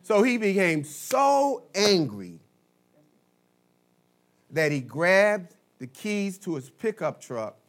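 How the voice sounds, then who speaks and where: A male pastor preaching a sermon, telling a story slowly and dramatically, swinging between loud and soft. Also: high voice, big pitch swings. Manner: slow dramatic storytelling with big swings in loudness.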